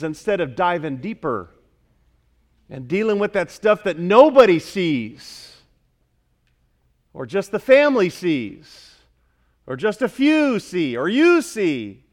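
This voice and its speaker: A man preaching a sermon as pastor, emphatic, repeating key phrases and swinging from loud urging to hushed, earnest asides. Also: high voice, sing-song, slow pace, long pauses.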